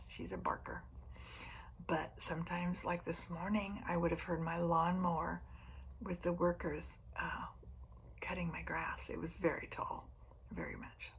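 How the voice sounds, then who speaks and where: Woman preschool teacher, read-aloud storytime, hushed half-whispered delivery, lowish voice, faint hiss underneath. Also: vocal fry. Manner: soft-spoken, often dropping to a near whisper; gently asks the children questions. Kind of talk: reading a picture book aloud to children.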